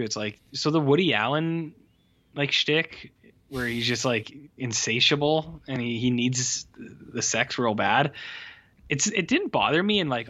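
A man's voice: medium pitch, bright, forceful tone, dull audio. A man co-hosting a podcast, griping about a film in casual, profane chat full of fillers. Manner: profane, exasperated, lots of fillers. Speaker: podcast co-host.

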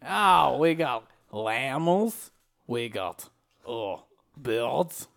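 A man's voice: mid-range voice, lively intonation, extremely slow, creaky, a bit bright, heavily acted. A man voicing a brash, crude male zookeeper in a put-on mock French accent, drawling and blustering in an improvised comedy bit. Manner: drawling, blustering, laughing at own jokes.

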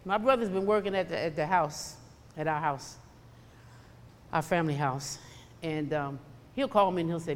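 A woman's voice: sits low, moderate pace, long pauses, a little hiss or hum. Emphatic woman preaching in a reverberant hall. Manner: emphatic, repetitive, acts out quoted voices. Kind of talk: sermon.

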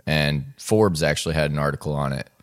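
An easygoing man co-hosting a casual podcast chat. His voice sits very low, and he reads passages aloud at a relaxed clip. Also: a little fast. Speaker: podcast co-host.

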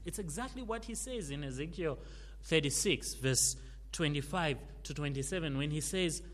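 A man preaching a sermon, stressing his words forcefully and then dropping to hushed phrase endings. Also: on the high side, animated, measured pace. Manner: emphatic, swinging from loud stresses to hushed endings. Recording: long hall reverb.

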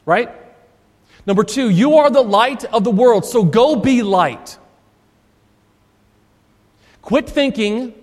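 A male Lutheran pastor preaching a sermon, emphatic and repeating his key phrases for stress. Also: high voice. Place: church sanctuary. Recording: long church reverb.

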